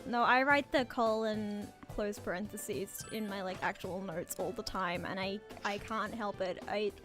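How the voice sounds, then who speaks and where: A woman streaming a game, chatting casually, swearing and laughing as she gets excited. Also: medium pitch, a little slow. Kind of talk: casual gaming chat. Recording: game music behind.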